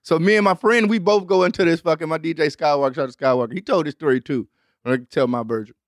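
A young adult man hosts his show with a loose, profane monologue, acting out every character with sudden swoops up in pitch. His voice sits a little high for a man, and the recording is close and dry. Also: quick pace, no room sound. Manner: animated, profane, acts out voices with big pitch jumps. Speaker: host. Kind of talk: storytelling monologue.

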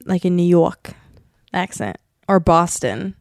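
A young woman co-hosting a podcast, chatting casually in a bubbly, giggly, animated way. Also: lowish voice, slow pace, no echo, studio quality. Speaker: podcast co-host. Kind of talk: casual chat.

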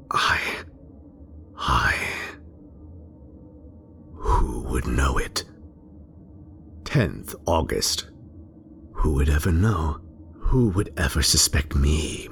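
A male narrator giving a theatrical first-person story reading, lingering on words and dropping into hushed whispers. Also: rumbling low, slow, long pauses, slight background noise.

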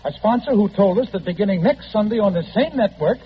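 A man hosting a 1930s radio variety show in a smooth, cordial announcing manner. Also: high voice, lively intonation, fast talker. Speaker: host. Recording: dull, noisy 1939 radio broadcast recording.

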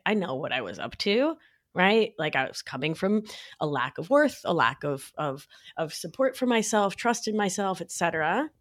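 A woman talking as a podcast guest in casual chat, playful and animated, with lots of fillers and sudden high sing-song asides. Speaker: podcast guest, nurse practitioner.

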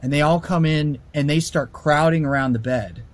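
Brief: man, slightly high voice, casual animated storyteller with fillers. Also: normal speed. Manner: animated, lots of fillers and restarts.

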